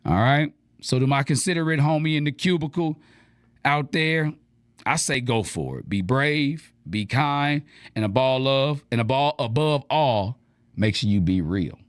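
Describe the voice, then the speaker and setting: Slangy, animated man host on a dry mic. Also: measured pace, dry recording. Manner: animated, slangy, acts out quoted lines in higher voice. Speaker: radio show host giving advice. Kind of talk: casual advice talk.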